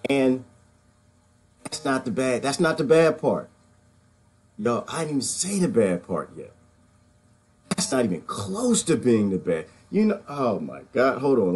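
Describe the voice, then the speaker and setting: Shaken low-voiced man, husky. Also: darkish tone. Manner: shaken, halting, many restarts and sighs. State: emotional, near tears. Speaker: online show host. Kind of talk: emotional live-stream monologue.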